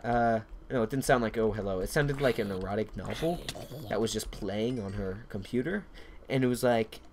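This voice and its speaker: Man, let's-play commentary, rambling and foul-mouthed, mid pitch, faint background noise. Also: normal speed, darkish tone. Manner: rambling, profane, off-topic storytelling. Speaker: gameplay commentator.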